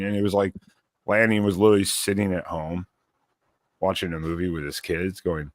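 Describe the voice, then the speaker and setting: A man with a very deep voice chatting about college football in a wry, mocking tone. He sounds dry and close to the mic, acting out fans' reactions as he talks. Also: steady tone, brisk, dry recording. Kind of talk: casual sports talk.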